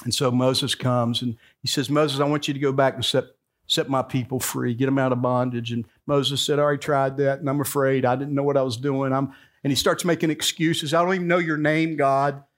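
A man's voice: medium pitch, fairly even intonation, brisk. A man in his sixties preaching a sermon, telling the story with acted-out dialogue and building to emphatic points. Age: 60s. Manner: storytelling preacher who acts out the dialogue, rising to emphatic peaks. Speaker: pastor.

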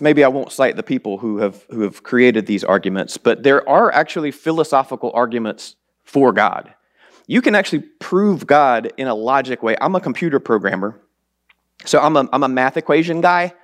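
In a church sanctuary, a lay preacher delivers a sermon in a casual, rambling, self-deprecating style. His voice is medium in pitch and a bit strained, with lively intonation and a moderate pace.

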